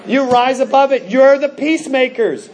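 A middle-aged male pastor preaching a sermon, telling stories with animated, acted-out quotes. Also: extremely high pitch, normal speed. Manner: animated storytelling, acts out quoted voices.

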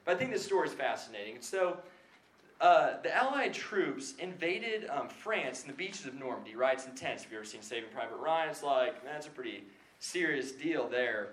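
A man's voice: mid-range voice, very animated, moderate pace, fairly bright tone. A young man giving a casual sermon-style talk to a live audience, chatty and self-deprecating with lots of "like" fillers. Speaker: speaker at a Christian gathering. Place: hall before a live audience. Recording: echoey room, faint background noise.

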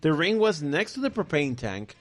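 Brief: profane storyteller, man, slightly high voice, rambling casual delivery. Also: very animated, moderate pace. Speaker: podcast guest telling stories.

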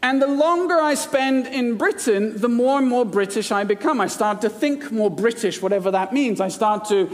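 A man's voice: very high voice, animated, moderate pace, hardly any pauses. A man from India preaching a sermon, mixing scripture readings with playful, jokey asides. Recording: long hall reverb.

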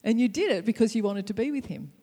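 A woman's voice: medium pitch, animated, quick pace, mellow, in a large hall. A woman preaching to wives in a playful, upbeat way, with laughs along the way. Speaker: pastor's wife. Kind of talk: sermon on marriage.

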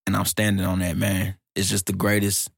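A man hosting a podcast in an excited casual monologue, slangy and animated, laughing often and jumping up in pitch when hyped, on a close mic in a small studio. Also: brisk, vocal fry, slightly rough, dry recording. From United States. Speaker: podcast host.

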